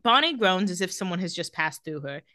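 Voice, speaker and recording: A woman's voice: on the low side, lively intonation, brisk, bright, forceful tone, dry recording, clean studio sound. A woman co-hosting a podcast, casually recapping an episode and reading lines with wry asides. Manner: reads out dialogue with wry asides. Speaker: podcast co-host.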